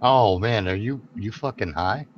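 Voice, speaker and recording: A man's voice: on the low side, a little slow. Profane ranting man on a lo-fi stream. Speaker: co-host. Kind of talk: casual stream chat. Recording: dull lo-fi stream audio with background noise.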